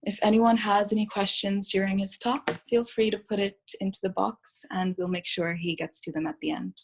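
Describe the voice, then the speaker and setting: A woman's voice: mid-range voice, fairly even intonation, moderate pace, gravelly. A woman moderating an online event, introducing a speaker plainly.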